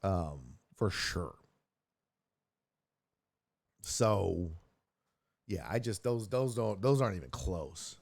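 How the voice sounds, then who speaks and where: A man's voice: deep voice, expressive, slow pace, gravelly, pauses often, no room sound. A man hosting a casual streamed sports talk show, joking profanely and reacting to chat messages. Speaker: host.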